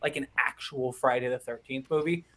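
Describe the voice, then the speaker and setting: A man's voice: medium pitch, fairly even intonation, fairly quick, sharp tone. A man co-hosting a casual livestream, joking and teasing the others. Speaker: co-host.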